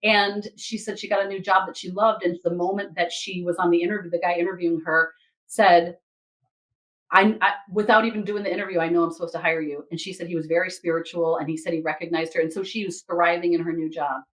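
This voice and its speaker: A woman who reads Akashic Records, telling a story from a session in a casual, animated way and acting out the people in it. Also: lowish voice, fast, poor audio. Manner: animated, quotes others and herself in lively asides.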